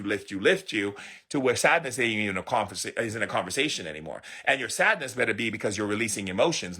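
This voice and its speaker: A man delivers a motivational spiritual talk with a forceful, tense edge to his voice. His tone is husky and a bit raspy. He is sassy and emphatic and hammers lines home by repeating them. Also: mid-range voice. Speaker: spiritual teacher.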